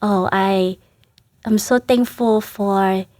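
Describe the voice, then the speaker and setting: A woman's voice: mid-range voice, steady tone, a little mellow, no room sound, clean studio sound. Earnest woman, religious sister guest. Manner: earnest, halting, emotional recollection. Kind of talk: interview conversation.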